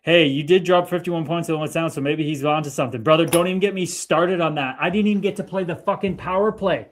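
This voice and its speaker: A man in his thirties chats on his own livestream and reads viewer comments aloud. His voice sits a little high, and he talks with a profane, fired-up energy that keeps turning to preachy spiritual phrases. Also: steady tone, fast talker. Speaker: livestream host. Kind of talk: casual livestream chat reading comments. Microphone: streaming mic.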